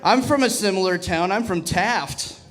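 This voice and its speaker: A man's voice: sits high, moderate pace, fairly bright tone. A man doing a stand-up comedy set on a comedy club stage, bantering sardonically with the crowd and mocking himself into a handheld mic.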